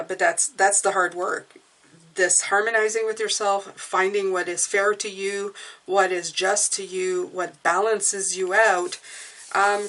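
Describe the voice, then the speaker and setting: A woman's voice: medium pitch, a bit bright. A woman giving a casual spoken tarot reading, chatty and reassuring, often restarting phrases and checking in with "okay?". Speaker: tarot reader.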